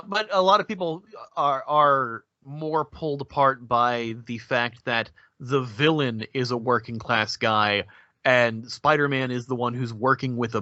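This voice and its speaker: A man's voice: mid-range voice, pushed and bright, no room sound, muffled recording. A man co-hosting a podcast, talking films in an enthusiastic, analytical way. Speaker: podcast co-host. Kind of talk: casual podcast discussion.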